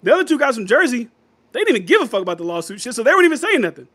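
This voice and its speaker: Chatty high-voiced man streaming. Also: big pitch swings, rapid-fire, fairly bright tone, no room sound. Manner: rambling, laughs often, reads chat comments aloud. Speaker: livestream host reading chat. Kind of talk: casual livestream chat.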